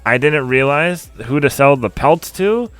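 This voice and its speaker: Smooth-voiced laughing podcast host man. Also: fairly high pitch, lively intonation, a little slow, fairly bright tone, no room sound. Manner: rambling, laughs often. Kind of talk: casual chat.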